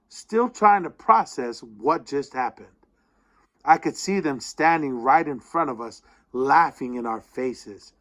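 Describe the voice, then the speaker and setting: A man reading a student's personal essay aloud, with expressive storytelling that slows down at the tense moments. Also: medium pitch.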